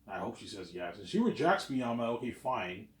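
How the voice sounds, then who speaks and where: A man's voice: on the low side, big pitch swings, fast. Rambling man in an echoey room. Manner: repeats "obviously" and "man", chatty and self-assured. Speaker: vlogger. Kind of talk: casual rambling monologue. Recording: roomy echo.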